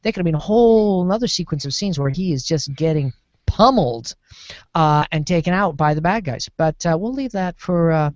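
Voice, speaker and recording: A man on a TV discussion panel, rambling and animated as he talks through a series. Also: on the high side, brisk, no echo. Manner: rambling, lots of fillers and restarts, animated. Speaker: podcast panelist. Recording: dull lo-fi sound.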